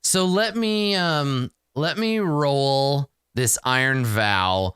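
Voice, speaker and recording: A man's voice: medium pitch, very slow, a bit bright, clean tone, no room sound, studio quality. A man casually narrating a solo tabletop game in a self-mocking way.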